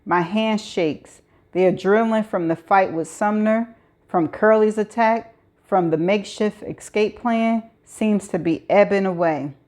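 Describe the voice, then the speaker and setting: A woman's voice: medium pitch, measured pace, darkish tone. Woman reading a novel aloud. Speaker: audiobook reader. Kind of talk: first-person novel narration.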